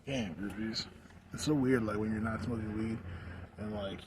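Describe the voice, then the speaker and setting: A man's voice: fairly low pitch, fairly even intonation, normal speed. Rambling, slurring young man on a noisy recording. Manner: rambling, heavy fillers, slurring words. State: high on edibles. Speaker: vlogger. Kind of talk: rambling casual vlog. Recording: noisy background.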